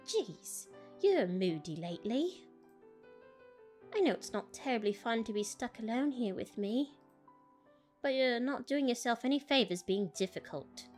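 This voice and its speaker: Woman voicing a genteel old doll lady for a game read, proper put-on accent, gentle and lonely, faint music behind. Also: on the high side, big pitch swings, a little slow, pitched above the performer's own voice. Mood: prim. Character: prim antique female doll, gentle and lonely.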